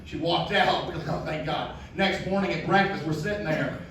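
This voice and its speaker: High-voiced male comic in an echoey club. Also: brisk, crowd noise. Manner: storytelling, self-deprecating. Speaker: stand-up comedian. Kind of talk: stand-up set. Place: comedy club stage. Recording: echoey club, distant mic, audience.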